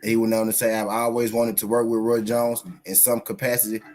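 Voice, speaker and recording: A man's voice: fairly low pitch, monotone, fairly quick, darkish tone. A man hosting a casual boxing talk stream. He swears freely, talks straight to his viewers and reads a news article aloud. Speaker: boxing channel host. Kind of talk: casual live commentary, reading an article aloud.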